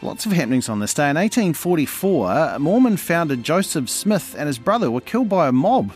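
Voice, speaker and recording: A male radio host, chatting quickly and jokily on air. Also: a little high, faint music behind. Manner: quick, jokey, animated. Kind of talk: breakfast radio chat.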